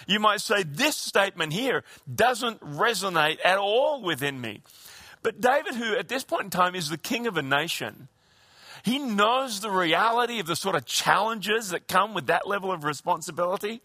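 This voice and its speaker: High, bright-voiced man preaching. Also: dry recording, studio quality. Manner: earnest, conversational preaching with many restarts. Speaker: pastor. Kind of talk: sermon.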